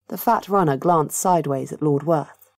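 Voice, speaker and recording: A woman narrating a fantasy audiobook in an even, measured way. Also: low-pitched, no echo, studio quality. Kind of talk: scripted narration.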